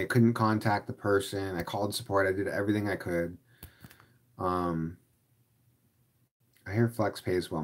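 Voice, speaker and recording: A man who drives for ride-share, chatting casually and rambling, filling his talk with "like" as he answers viewers. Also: on the low side. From Los Angeles area. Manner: rambling, heavy use of "like". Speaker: rideshare driver vlogger.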